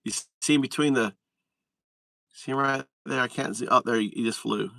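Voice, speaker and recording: A man chatting casually on a live stream in an excitable way, swearing and restarting his sentences. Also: mid-range voice, moderate pace, gravelly, far from the mic, low-quality recording. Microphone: phone.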